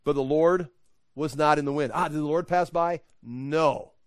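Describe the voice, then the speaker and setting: A man teaching the Bible in an animated, conversational way, often laughing. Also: fairly high pitch, moderate pace, clear, resonant tone, dry recording, clean studio sound.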